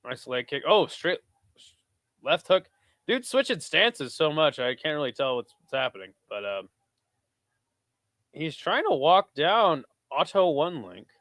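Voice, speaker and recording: A man's voice: on the high side, a little slow, long pauses, no room sound, studio quality. Profane, casual man commenting on fights. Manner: casual and profane, bursts into excited shouting. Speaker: host. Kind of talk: live fight watch-along commentary.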